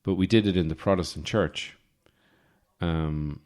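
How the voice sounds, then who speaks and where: An Irish man in his forties, hosting a podcast with a rambling, deadpan comic monologue full of fillers and restarts. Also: deep voice, measured pace. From Ireland. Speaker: podcast host.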